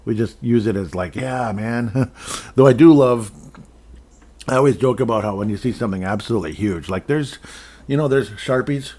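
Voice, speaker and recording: A man's voice: fairly low pitch, animated, brisk, a little mellow, husky. A man hosting a casual sports podcast, rambling and jokey, chuckling often as he talks. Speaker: podcast host.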